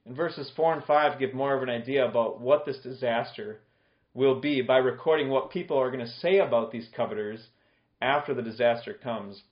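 Man preaching in an echoey room. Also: medium pitch. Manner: conversational, explaining with plain everyday examples. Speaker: pastor. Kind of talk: expository sermon. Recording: echoey room, dull lo-fi sound.

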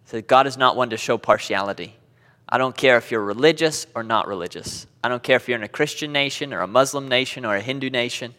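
A man teaching a Bible class lesson, animated, reading scripture aloud with dramatic emphasis and small laughs. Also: medium pitch, fast talker. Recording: long reverb of a hall.

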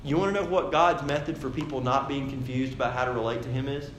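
A man, a pastor preaching a sermon in a conversational way that builds to loud, animated emphasis. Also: medium pitch, quick pace, roomy sound, slight background noise.

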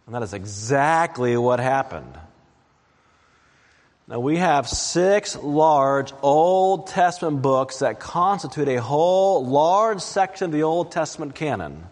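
A man preaching a sermon, reading scripture aloud in a slow and deliberate way. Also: medium pitch, expressive, long reverb tail.

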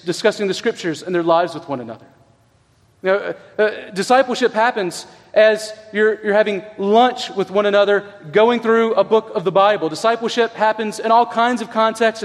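A middle-aged male pastor preaching with an earnest, conversational warmth of storytelling and emphatic pauses. His voice sits high for a man. The sound rings with the long reverb of a big hall. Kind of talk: sermon.

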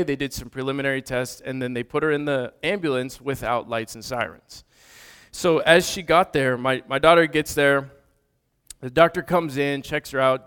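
A man in his thirties preaching, telling a personal story in a lively way with sudden loud bursts. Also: medium pitch, smooth. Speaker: pastor. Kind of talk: storytelling sermon.

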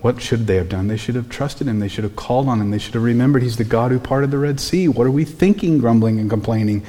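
A man's voice: mid-range voice, fast, dark tone, in a large hall. A man preaching a sermon as pastor, in a conversational way full of rhetorical questions.

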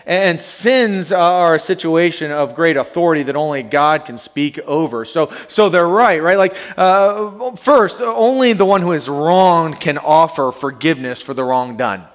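A male pastor preaching a sermon to a congregation in a conversational, animated way. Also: a little high, unhurried, hardly any pauses. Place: church sanctuary. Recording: long hall reverb.

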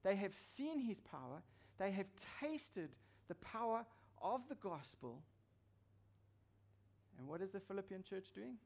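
A male pastor preaches a little slowly in a fairly high, darkish voice with vocal fry and big pitch swings. He drives his points home through emphasis and repeated key phrases.

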